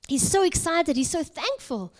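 A woman from South Africa preaching a sermon as an expressive story, dropping to a hush at key moments. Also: sits high, normal speed. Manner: expressive, dramatic storytelling with hushed whispered moments.

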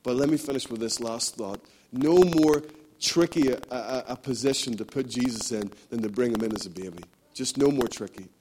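A man's voice: mid-range voice, moderate pace, darkish tone, a little hiss or hum. A man preaching a sermon, emphatic and repetitive, building his points in rhythmic runs. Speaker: pastor.

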